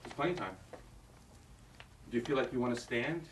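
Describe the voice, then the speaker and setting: A man's voice: medium pitch, lively intonation, a little fast, background noise. A man directing an audition, explaining a scene to an actress in a rambling way with many restarts. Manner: rambling, restarts, acts out lines. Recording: roomy, distant from the mic.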